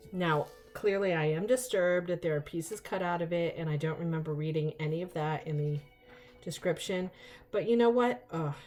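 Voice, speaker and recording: Older woman host, lowish voice, excitable and chatty, soft music underneath. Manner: chatty, excitable, rambling asides. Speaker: vlog host. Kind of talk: casual unboxing chat.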